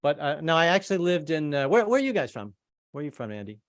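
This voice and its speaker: A man's voice: on the high side, big pitch swings, fast talker, dry recording, clean studio sound. A man doing a rambling stand-up set over a video call, stammering and repeating himself between jokes. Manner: rambling, stammering, trades in put-on voices. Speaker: stand-up comedian.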